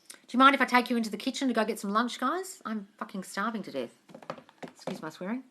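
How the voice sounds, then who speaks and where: An Australian woman with a bright, forceful voice runs a casual live Q&A from home. She reads viewer comments aloud and answers them frankly, swearing without much hesitation and calling everyone darling. Her delivery sounds like she is talking into a phone on a live stream. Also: medium pitch. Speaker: manifestation coach.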